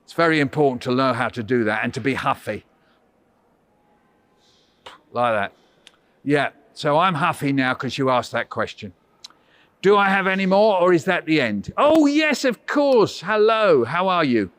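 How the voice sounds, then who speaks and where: A man's voice: mid-range voice, expressive, normal speed, long pauses, a bit bright, dry recording. A man leading a school workshop for children over a video call, telling playful stories and teasing them in a theatrical, mock-huffy way. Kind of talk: playful storytelling talk to children.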